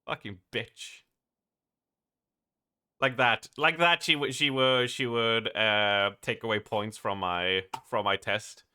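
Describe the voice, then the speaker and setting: A man's voice: fairly low pitch, fairly even intonation, slow, sharp tone, smooth. A man from Sweden with a Swedish accent, chatting casually on a live gaming stream, laughing often, swearing and restarting his sentences.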